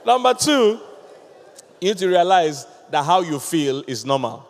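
A man preaching a lively sermon, acting out little scenes and laughing with his listeners. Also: high voice, measured pace, pauses often, big-room sound. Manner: animated, acts out voices, laughs with the congregation.

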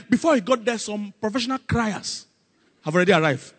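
A man preaching a sermon, animated and calling out questions for the congregation to answer. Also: high-pitched, quick pace, breathy edge, long reverb tail. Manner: animated, call-and-response with congregation, acts out Bible scenes.

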